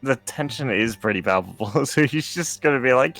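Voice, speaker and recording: A man's voice: mid-range voice, lively intonation, normal speed, a bit bright, soft background music. A man chatting during a tabletop game, hesitant, with many restarts as he asks about plans. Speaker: player. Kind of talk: casual chat.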